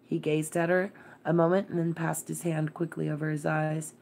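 Woman storyteller, deep voice, calm measured bedtime narration. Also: creaky. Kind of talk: bedtime read-aloud of a classic novel.

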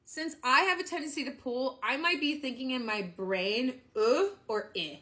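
A woman giving a singing lesson as a vocal coach, bubbly and quick to laugh at herself, breaking into sung demonstrations. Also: high-pitched, pushed and bright.

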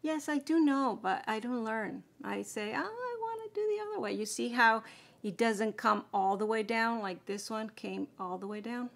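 Woman, beauty vlogger, makeup tutorial chat, slow pace, slightly high, gravelly. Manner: chatty, explaining steps while applying makeup.

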